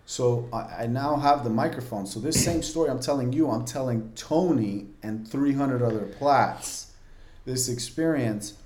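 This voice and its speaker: Speaking in a mid-range, darkish voice, a podcast guest in his forties shares a candid personal story. He's vivid and earnest, leans on "like" as a frequent filler, and the recording carries the echo of a large room.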